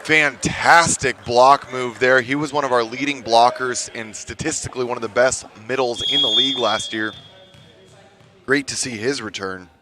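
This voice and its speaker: A man's voice: mid-range voice, steady tone, moderate pace. A man giving chatty, informative color commentary at a live volleyball match. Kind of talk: live sports analysis. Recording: commentary over loud gym noise.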